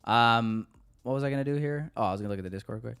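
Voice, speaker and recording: Smooth-voiced joking trader guy. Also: mid-range voice, very fast, a bit bright, faint music behind. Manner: loose, joking, profane banter with chat. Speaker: day trader streaming live. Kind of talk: casual live-stream commentary.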